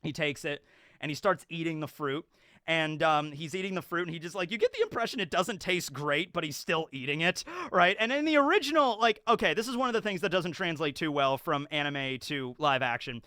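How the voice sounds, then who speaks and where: A man's voice: a little high, fairly quick, sharp tone, no echo, studio quality. A man casually and chattily breaking down a show episode, rambling with many fillers. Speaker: YouTube show reviewer.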